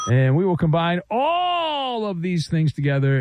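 Animated sarcastic sports radio man. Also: fairly high pitch, measured pace, no room sound. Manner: animated, sarcastic, playful riffing. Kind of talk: sports talk radio monologue.

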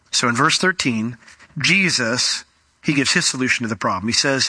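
A man preaching a sermon in a conversational, animated way, acting out scenes as he teaches. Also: medium pitch, normal speed, breathy edge, dry recording. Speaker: pastor.

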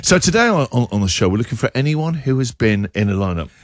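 A man's voice: mid-range voice, fast, dry recording, studio quality. A man hosting a radio show, chatting casually and joking, laughing often. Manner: jokey, laughs often, animated. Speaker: radio host.

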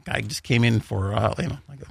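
Gravelly, joking morning radio host. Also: male voice, mid-range voice, brisk, darkish tone. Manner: rambling, jokey, lots of fillers. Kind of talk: casual morning show banter. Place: radio studio.

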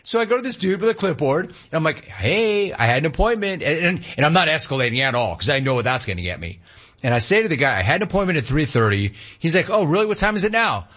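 A man tells a story in a casual way with a husky, slightly rough voice. His pitch swings a lot as he acts out what each person said. The sound is a little dull and lo-fi. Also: quick pace. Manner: animated, acts out the other voices with sharp pitch jumps.

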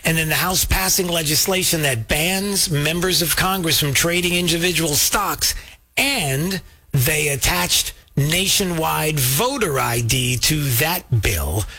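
Man, commentary host, casual and chatty, bright husky tone. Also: on the high side, unhurried. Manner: casual, lots of uh fillers, talks to viewers. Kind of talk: political commentary.

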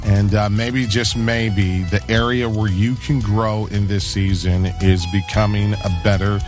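A man hosting a Christian call-in radio show, talking in an enthusiastic, encouraging way and pitching to listeners. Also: steady tone, unhurried, over music.

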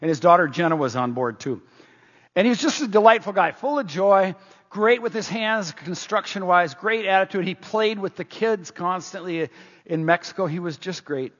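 A man's voice: high-pitched, lively intonation, moderate pace, a bit bright. A man preaching a sermon as pastor, earnest and full of rhetorical questions, in a church. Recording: dull lo-fi sound with long hall reverb.

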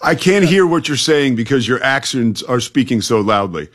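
A man's voice: mid-range voice, lively intonation, normal speed, a bit bright. A man co-hosting a sports talk radio show, giving firm, emphatic opinions into a studio mic.

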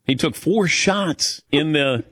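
A man's voice: fairly high pitch, lively intonation, takes it slowly, fairly bright tone, breathy edge, dry recording, studio quality. A middle-aged man hosting a radio talk show, telling a self-mocking story in a chatty way and laughing often.

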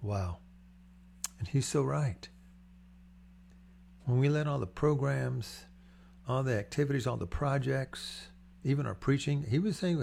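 Older male pastor with gravelly voice. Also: mid-range voice, moderate pace, darkish tone, a little hiss or hum. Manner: conversational storytelling, acts out quoted voices. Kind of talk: sermon.

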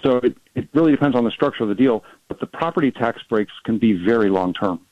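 A man, a policy researcher, talking fast as a guest in a radio interview, with many restarts and fillers. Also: medium pitch, animated, no room sound, lo-fi sound.

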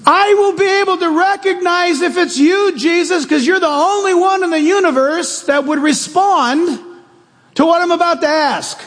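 Burly, impulsive fisherman, as a preacher puts him on: high excited husky voice, long hall reverb. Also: unhurried, heavily acted. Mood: eager. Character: burly impulsive fisherman Peter, adult man.

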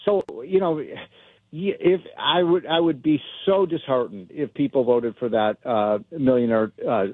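A man calling in as a guest on a talk radio show, talking in an animated, rambling way with lots of fillers. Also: mid-range voice, a little slow, no echo. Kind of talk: phone-in interview. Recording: tinny phone line, dry.

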